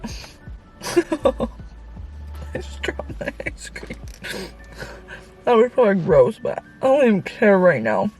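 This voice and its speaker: A young woman in her late teens vlogging from inside her car, rambling candidly as she vents to her viewers. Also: a little high. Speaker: Christian influencer vlogger. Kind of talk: casual confessional vlog. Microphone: on-camera mic.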